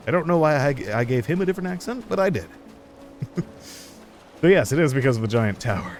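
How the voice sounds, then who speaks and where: A man's voice: a little high, lively intonation, fast talker, pauses often, music in the background. A man streaming a video game, chatting casually, chuckling and thinking aloud. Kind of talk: casual gameplay commentary.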